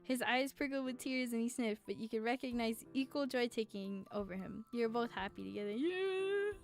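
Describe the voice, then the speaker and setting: Young female streamer, high voice, reads game text aloud, gets teary and swears casually. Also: fairly even intonation, a little fast, faint music behind. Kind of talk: reading a romance game aloud while playing.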